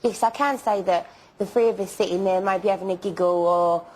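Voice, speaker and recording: A woman's voice: medium pitch, fairly even intonation, fairly quick, a little mellow, poor audio. A young woman being interviewed, stammering and repeating herself as she insists on her apology. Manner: stammering, repeats words, emphatic denials. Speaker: interview guest.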